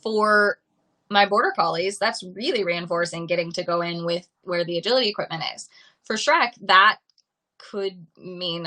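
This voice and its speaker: A woman's voice: medium pitch, moderate pace, sharp tone, low-quality recording. A woman dog trainer on a live stream, talking through viewer questions and repeating simple examples to explain her point.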